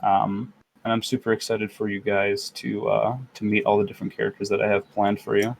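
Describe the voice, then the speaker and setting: A man's voice: fairly low pitch, completely flat delivery, fairly quick, gravelly, poor audio. A man co-hosting a podcast as game master, chatting casually, rambling and joking with plenty of fillers. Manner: rambling, jokey, lots of fillers.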